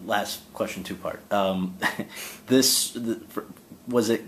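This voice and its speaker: A man interviewing an actress, asking his questions haltingly with many restarts and laughing along. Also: fairly low pitch, steady tone, a bit bright, slight background noise, rough recording.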